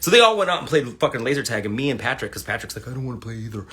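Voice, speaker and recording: A man with a bright, forceful voice tells a meandering story, swearing freely and circling back as he goes. He talks casually into his phone for a livestream. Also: medium pitch, sing-song, racing. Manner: rambling, profane, laid-back. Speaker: livestream host.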